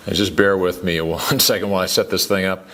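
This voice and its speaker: A man giving an upbeat, salesy pitch as a company founder, chuckling now and then. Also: bright, forceful tone, a little hiss or hum.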